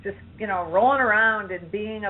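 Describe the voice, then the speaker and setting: Brief: woman, halting and unsure, mid pitch, tinny phone-line sound with faint hiss. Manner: hesitant, halting, many fillers. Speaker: client in a demo session. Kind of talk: recounting a childhood memory.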